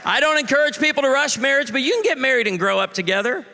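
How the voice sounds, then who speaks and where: Bright, punchy pastor-comedian man on stage. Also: extremely high pitch, expressive, quick pace, slight background noise. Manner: punchy, playful, calls for audience response. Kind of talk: stand-up comedy talk to a live audience. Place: large live venue. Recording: long reverb of a large venue.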